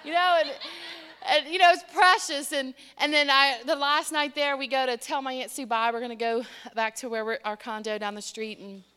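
An older woman delivers a sermon as a conversational story, slipping into the voices of the people she quotes. Her voice sits a little high and sounds bright. It carries a long reverb, as if spoken in a large hall. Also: fairly even intonation, moderate pace, hardly any pauses, clear, resonant tone. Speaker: pastor.

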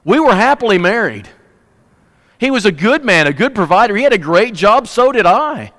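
A man's voice: high voice, very animated, moderate pace, a bit bright, pitched above the performer's own voice. A man playing a distraught abandoned wife who laments her troubles in a raised voice. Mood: lamenting. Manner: rambling, lamenting.

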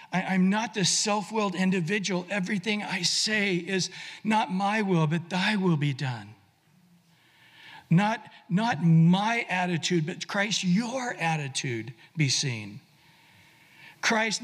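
A man's voice: high-pitched, fairly bright tone, in a large hall. A man preaching a sermon as pastor, emphatic, repeating words and asking the congregation questions.

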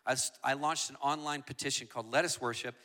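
Bright-voiced man preaching with passion. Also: mid-range voice, fairly even intonation, fast talker. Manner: passionate, builds to shouting. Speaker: guest preacher and worship leader. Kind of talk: sermon.

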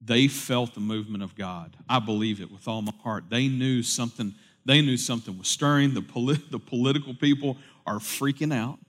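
A man's voice: medium pitch, a little fast. Man preaching in a reverberant hall. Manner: swings from loud preaching to quiet storytelling. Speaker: pastor. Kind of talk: sermon.

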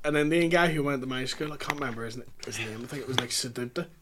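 A man's voice: medium pitch, fast talker. A young adult man with a Northern Irish accent, co-hosting a podcast in casual chat, blunt and free with swearing. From Northern Ireland. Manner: blunt, swears freely, trails off quietly at times. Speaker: podcast co-host.

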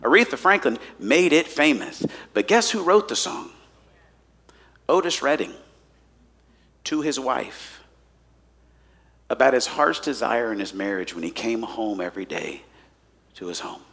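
Lively, bright-voiced male pastor preaching. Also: medium pitch, a little slow, pauses often. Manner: animated preaching, swinging from hushed to loud. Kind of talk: sermon. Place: church hall before a congregation.

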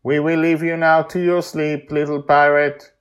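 A man voicing a calm, formal, logical male being who speaks precisely. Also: on the high side, normal speed, smooth, pitched above the performer's own voice, close to an everyday voice. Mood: kind.

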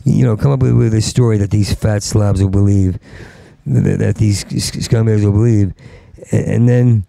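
Middle-aged male comic, rambling profane rant, heavy stutter; gravelly, dry. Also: lowish voice, steady tone, normal speed, dark tone, no room sound. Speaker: stand-up comedian. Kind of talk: rambling stand-up monologue.

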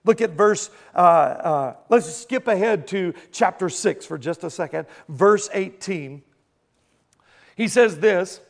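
Male pastor, high gravelly voice, chatty sermon full of rhetorical questions. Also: unhurried. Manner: conversational, asks and answers rhetorical questions.

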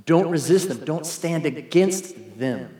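A man preaching a sermon as a pastor, animated and acting out the voices he quotes. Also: fairly high pitch, takes it slowly. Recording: echoey hall, long reverb.

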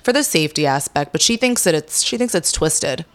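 A young adult woman speaking candidly as an interview guest, with many pauses and fillers. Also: low voice, animated. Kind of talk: casual interview.

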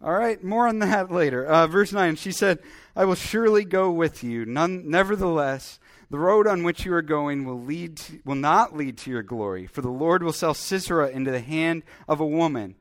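A man's voice: on the high side, moderate pace. A man preaching a sermon, reading Bible verses and commenting as he goes, acting out voices now and then. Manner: animated, acts out voices when telling the story.

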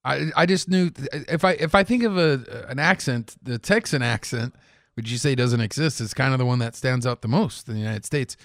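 A man's voice: mid-range voice, brisk, no echo, clean studio sound. A man co-hosting a talk radio show, casually chiming in with short remarks.

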